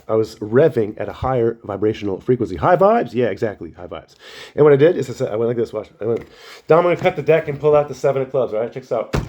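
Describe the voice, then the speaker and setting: A man rambling through a spiritual monologue and story, animated, slangy and full of swearing. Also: on the low side. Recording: dull lo-fi recording.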